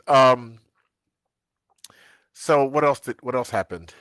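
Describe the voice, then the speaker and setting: A man from the United States chatting casually on a live stream as co-host, telling animated family stories and laughing often. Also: medium pitch, slow pace, dry recording.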